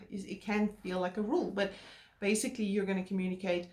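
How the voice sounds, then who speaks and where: Earnest woman co-host, calm explainer, roomy echo. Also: mid-range voice, normal speed. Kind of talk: casual chat.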